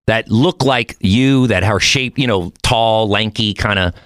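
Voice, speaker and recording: A man's voice: lowish voice, measured pace, fairly bright tone, dry recording, clean studio sound. An American man hosting a podcast, talking bluntly in a rambling, casual way and swearing freely. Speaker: podcast host. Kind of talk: casual chat.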